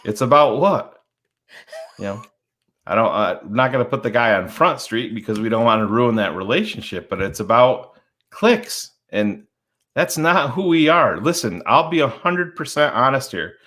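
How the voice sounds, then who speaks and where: A man's voice: medium pitch, sing-song, normal speed, fairly bright tone. A man co-hosting a sports podcast in casual talk, blunt and swearing freely, often acting out what other people said. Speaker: podcast co-host.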